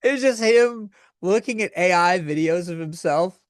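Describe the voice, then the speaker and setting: A man's voice: sits high, unhurried, no room sound, clean studio sound. A man hosting a comedy podcast, ranting in a crude, sardonic, rambling way. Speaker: podcast host. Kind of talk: comedic rant.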